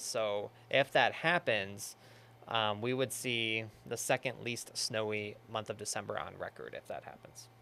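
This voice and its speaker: Young midwest weather guy on local tv, bright voice, um-heavy relaxed chat, bit of hiss. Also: lowish voice, gravelly. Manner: relaxed, chatty, many fillers. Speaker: meteorologist. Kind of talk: casual on-air weather chat. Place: TV news studio.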